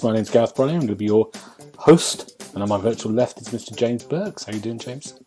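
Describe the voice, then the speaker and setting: A man hosts a relaxed gaming podcast chat. He jokes and teases his guests in easy banter. Faint music plays behind him. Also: on the low side, fairly quick. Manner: jokey, teasing banter. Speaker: podcast host.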